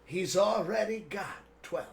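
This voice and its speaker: A man co-hosting a live sports stream in casual chat, excitable, with loud outbursts, reading viewer messages aloud. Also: high voice, a little slow, gravelly, a little hiss or hum.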